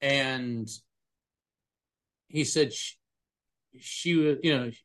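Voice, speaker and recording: This is a man talking in an interview with an earnest, emphatic manner. He tells his stories at a medium pitch and describes physical sensations vividly, as a medium and former attorney. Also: extremely slow, fairly bright tone, a little hiss or hum. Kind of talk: conversational interview storytelling.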